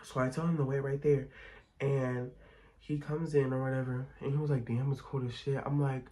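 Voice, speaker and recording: A man's voice: mid-range voice, little pitch movement, moderate pace, dark tone, low-quality recording. A young man chatting casually and expressively as he tells a storytime while doing his makeup, with frank, profanity-laced gossip. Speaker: vlogger.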